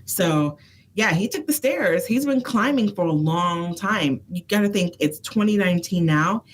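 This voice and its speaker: A woman's voice: on the low side, animated, a little slow, a little hiss or hum. A woman who works as a consultant, co-hosting a casual chat and giving earnest advice. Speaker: consultant and co-host. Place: phone booth studio.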